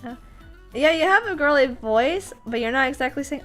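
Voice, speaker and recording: A high-pitched woman chats casually on a livestream about her voice acting work. She is animated, laughs often and restarts her sentences mid-thought. Soft background music plays faintly under her voice. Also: moderate pace. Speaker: voice actor and streamer.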